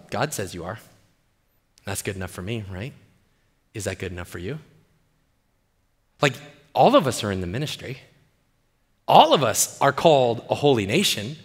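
Pastor dude preaching, bright tone, lively swings, echoey church hall. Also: male voice, mid-range voice, breathy edge. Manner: animated, playful, asks the crowd questions. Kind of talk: sermon.

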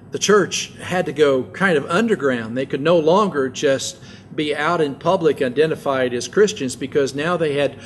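An older man preaching a sermon as pastor, telling stories in a relaxed conversational way with asides. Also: a little high, a little slow, slight background noise.

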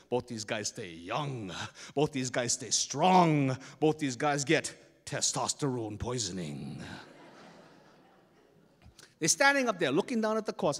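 A man from Hawaii with a Hawaiian Pidgin accent telling a folktale on stage, dramatic and animated, pausing to explain slang. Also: on the high side, big-room sound. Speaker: storyteller. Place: festival stage.

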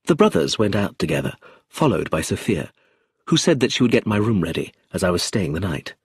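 A man's voice: deep voice, sing-song, a little fast, slight background noise. A man narrating a mystery novel aloud, changing his voice for each character. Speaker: audiobook narrator. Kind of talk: storybook reading.

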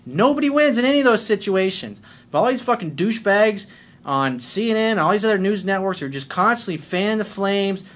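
A man's voice: high voice, expressive, a little fast, a bit bright. A middle-aged man, a life coach, delivering a blunt, confrontational monologue full of profanity.

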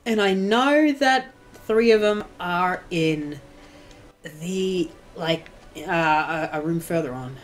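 A woman hosting a let's play, commenting on the game in an excitable way and laughing often. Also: fairly low pitch, slow pace, soft background music. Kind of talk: gameplay commentary.

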